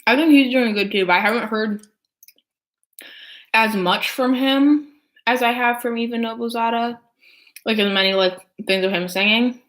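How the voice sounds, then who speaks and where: Eating as she talks, a young woman vlogger rambles through a casual chat full of filler words. She speaks a little high, at a moderate pace, pausing often, with a fairly bright tone.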